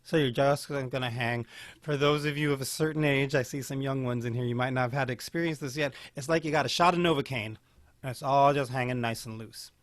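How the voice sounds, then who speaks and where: A man teaching an online beginning singing class, guiding breathing and posture and demonstrating vocal warm-ups in a playful, encouraging way. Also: mid-range voice, steady tone, brisk. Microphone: home video call mic. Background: keyboard accompaniment.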